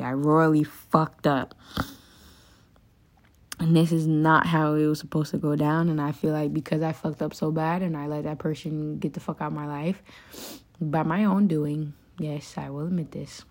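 This podcast host, a young woman, speaks in a deep, slightly mellow voice at a normal pace with little pitch movement. Alone at the mic, she vents and rambles confessionally, peppering her talk with swearing and constant "like" and "um."

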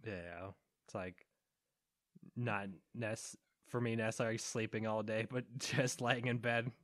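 A man's voice: on the low side, steady tone, measured pace, a bit bright, dry recording. A man co-hosting a casual podcast, who breaks into laughter at nearly every line. His talk is loose and rambling. The sound is close and dry, with no room around it. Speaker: podcast co-host. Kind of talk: casual chat.

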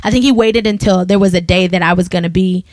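A woman co-hosting a podcast, chatting casually and telling a personal story with animated, acted-out quotes. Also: on the low side, quick pace, no echo. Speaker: podcast co-host. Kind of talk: casual chat.

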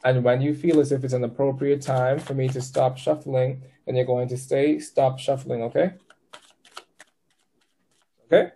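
A man's voice: medium pitch, little pitch movement, normal speed, long pauses, warm tone, slight background noise. A man giving a live tarot reading to a client, upbeat and chatty, with patient step-by-step directions. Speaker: tarot reader.

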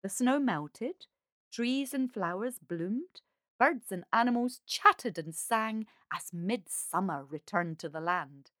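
A woman reading a fairy tale aloud as a calm, measured storyteller. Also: medium pitch, dry recording, clean studio sound.

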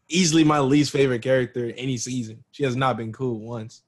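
A man's voice: medium pitch, a little fast. Guy on a podcast talking slang, laughing a lot, joking around with his bro. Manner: slangy, laughing, animated banter. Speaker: podcast co-host. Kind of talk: casual podcast chat.

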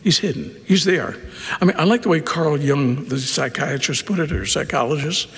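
Animated preacher in an echoing hall. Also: male voice, on the high side, normal speed. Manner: dramatic swings from loud emphasis to hushed near-whisper; conversational asides and repetition. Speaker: pastor. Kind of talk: sermon.

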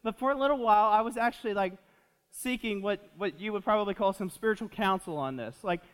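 A young man in his twenties preaches with a high voice, animated and chatty, piling up fillers and joking with his congregation. His sermon rings out in the long reverb of a church hall. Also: fast talker, smooth. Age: 20s. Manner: animated, repeats himself with fillers, jokes with the audience. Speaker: pastor.

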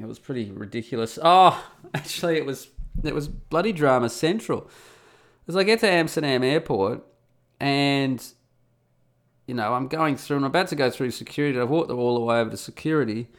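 A young Australian man casually telling a travel story, chatty and profane, acting out both sides of the conversations. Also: mid-range voice. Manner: chatty, swears, acts out both sides of dialogue. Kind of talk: casual anecdote.

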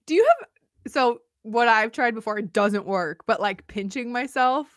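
A woman's voice: fairly high pitch, very animated, a little slow, fairly bright tone, dry recording, studio quality. A woman in her thirties co-hosting a podcast in casual chat, self-mocking and laughing often. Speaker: podcast co-host.

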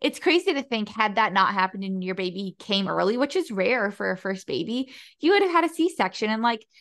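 A woman's voice: medium pitch, lively intonation, a little fast, fairly bright tone. A woman hosting a podcast interview, reacting often and asking follow-up questions in casual chat. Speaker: podcast host.

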